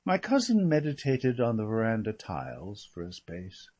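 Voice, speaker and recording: A man narrating a classic novel as an audiobook, with measured storytelling. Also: fairly low pitch, huge pitch swings, a little mellow. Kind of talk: scripted narration.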